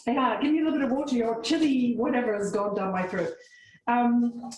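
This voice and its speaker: A woman's voice: on the high side, brisk, darkish tone, reverberant, soft background music, low-quality recording. A woman hosting a casual live chat, talking freely with many fillers and frequent laughs. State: coughing from spicy food. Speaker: host. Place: home kitchen.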